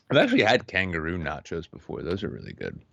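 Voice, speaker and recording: A man's voice: low-pitched, gravelly, dry recording, dull audio. A man co-hosting a podcast in casual chat, joking and laughing often with rambling restarts. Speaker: podcast co-host.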